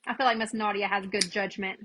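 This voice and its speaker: A woman's voice: mid-range voice, steady tone, fast, background noise. A chatty woman, hosting a casual live crafting demo and greeting viewers by name as she works. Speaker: craft livestream host.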